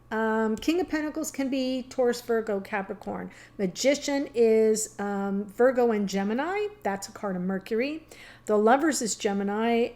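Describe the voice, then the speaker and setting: A woman with a slightly high voice gives a tarot reading. She speaks straight to her viewers, earnest and openly emotional. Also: darkish tone. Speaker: tarot reader. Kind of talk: casual tarot reading to camera.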